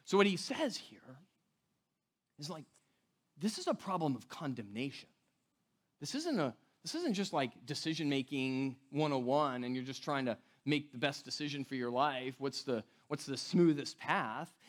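A man's voice: mid-range voice, normal speed. A man preaching a sermon as pastor, casual and conversational, often asking "right?" and acting out the people he quotes. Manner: animated storytelling, acting out quoted voices.

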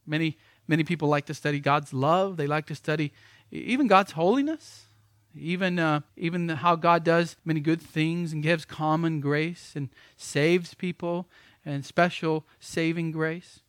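A man's voice: on the high side, fairly even intonation, unhurried, dry recording, clean studio sound. A man who is a pastor, preaching a sermon with emphatic repetitions.

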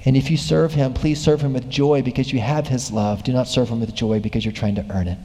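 A man's voice: medium pitch, brisk. A man preaching a sermon, retelling a story with growing animation. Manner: animated storytelling, voice rising with excitement. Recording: long hall reverb.

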